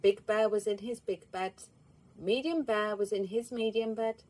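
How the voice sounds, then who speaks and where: A woman, reading a children's storybook aloud in an expressive, lively way. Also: mid-range voice, measured pace.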